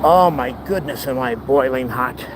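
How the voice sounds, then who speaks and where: A man's voice: medium pitch, moderate pace. Breathless man vlogging while walking uphill. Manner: chatty, rambling, exclaims often. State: out of breath, overheated. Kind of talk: casual walking vlog. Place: outdoors on a city street near an airport. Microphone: camera held while walking. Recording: outdoor street noise.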